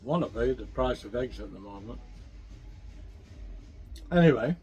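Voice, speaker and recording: A man's voice: medium pitch, animated, a little slow, a little mellow. A man chatting casually as he cooks and eats on camera, self-mocking and talking with his mouth full. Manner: chatty, self-mocking, talks while eating. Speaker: cooking vlogger. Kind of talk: casual cooking vlog chat.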